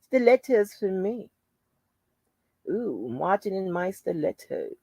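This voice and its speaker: A woman's voice: mid-range voice, very animated, slow, creaky, a little mellow, breathy edge, dry recording. Blunt, profane woman chatting on a live stream. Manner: greets viewers by name, blunt and profane. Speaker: channel host. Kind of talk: casual live-stream chat.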